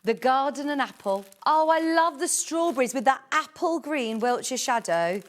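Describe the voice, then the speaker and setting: A woman's voice: high voice, lively intonation, normal speed. A woman presenting on a live home shopping show, chatty and gushing as she reads out prices and product codes. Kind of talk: live TV sales pitch.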